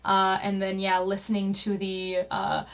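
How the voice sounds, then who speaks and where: A woman guest co-host in casual chat, relaxed, often humming agreement while the other speaks. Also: mid-range voice, measured pace. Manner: relaxed, frequent backchannel hums. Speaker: guest co-host, competition organizer.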